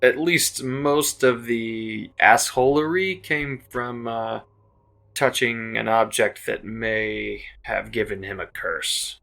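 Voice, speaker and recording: A man's voice: mid-range voice, slow pace, creaky, pushed and bright. A man joking around as a player at a tabletop game. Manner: joking, wisecracking.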